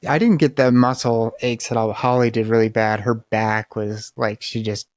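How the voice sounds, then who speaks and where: A male podcast host talks casually and speaks his mind plainly. He often restarts his sentences as he goes. His voice is in a mid pitch and sounds close and dry. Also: steady tone, normal speed, no room sound. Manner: candid and opinionated, with frequent restarts. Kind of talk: casual conversational interview.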